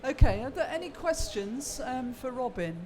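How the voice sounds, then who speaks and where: A woman's voice: high-pitched, animated, moderate pace, a crowd in the background. A woman chairing a seminar session, calling for audience questions with brief, polite prompts.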